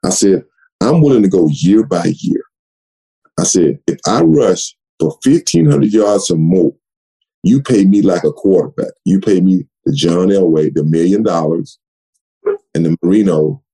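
Older man, low gravelly voice, retired athlete swapping stories in an interview. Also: measured pace, low-quality recording. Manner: animated storyteller, repeats words, acts out quoted dialogue. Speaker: retired running back, interview guest. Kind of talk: conversational storytelling. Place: home office.

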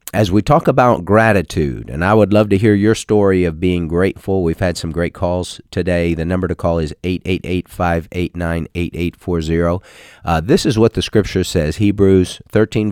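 An older man leads a call-in radio show as pastor, his voice sitting very low. He talks in a folksy, halting way, full of small pauses. The sound is dry and close. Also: a little mellow, smooth, dry recording. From Texas. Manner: folksy, halting with many uh fillers. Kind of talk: radio talk with scripture teaching.

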